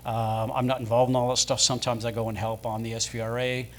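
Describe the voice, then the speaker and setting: A man's voice: medium pitch, level tone, quick pace, a little hiss or hum. A man telling casual anecdotes as a guest at a live show in a pub, rambling, with many fillers.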